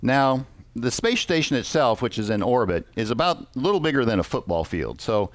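A medium-pitched man with big swings in pitch preaches, with no room sound on the recording. He turns to the congregation with questions and reads scripture aloud in a measured voice.

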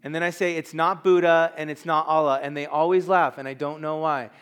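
A man's voice: on the high side, fairly even intonation, brisk, a bit bright, clean tone. A man preaching a sermon as pastor, emphatic and conversational, with asides to the congregation.

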